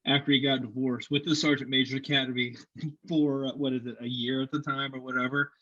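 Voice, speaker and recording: A man's voice: medium pitch, level tone, quick pace, bright, forceful tone, highs cut off. A man co-hosting a podcast, joking crudely and laughing often. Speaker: podcast co-host. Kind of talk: casual chat.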